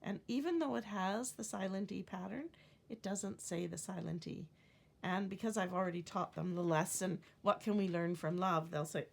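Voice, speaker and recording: A middle-aged woman teaches a phonics word sort in a low, slightly gravelly voice. She speaks clearly and deliberately, drawing out words so the stressed syllable stands out. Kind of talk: classroom phonics lesson.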